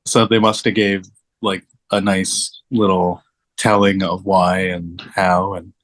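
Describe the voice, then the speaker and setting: A man's voice: low voice, little pitch movement, slow pace, fairly bright tone. A laid-back man chatting casually about movies as a podcast guest. He talks loosely, leans on fillers and laughs often. The sound is close and dry, with no room echo. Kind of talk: casual film chat.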